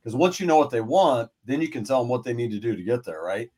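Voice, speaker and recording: A man's voice: medium pitch, sing-song, quick pace, mellow, breathy edge. Man hosting a podcast, asking questions. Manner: earnest questioner who thinks aloud with fillers. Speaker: podcast host. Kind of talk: casual podcast interview.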